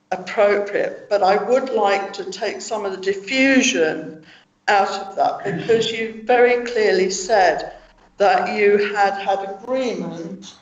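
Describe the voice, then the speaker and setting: A man councillor speaking in a measured, hesitant but firm way during a council debate. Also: high-pitched, a little hiss or hum. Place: town hall council chamber. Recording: dull, echoey room sound.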